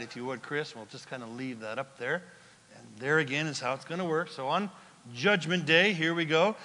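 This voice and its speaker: A man preaching a sermon as pastor, urgent and emphatic, swinging between shouts and hushed whispers, asking the congregation questions. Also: on the high side. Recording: long hall reverb.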